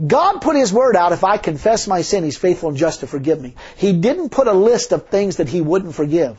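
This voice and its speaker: Folksy preacher guy, high voice jumping all over, kinda husky, dull lo-fi tape. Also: very animated, brisk, a little mellow. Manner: folksy, emphatic, rhetorical questions. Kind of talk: sermon. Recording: dull lo-fi sermon recording.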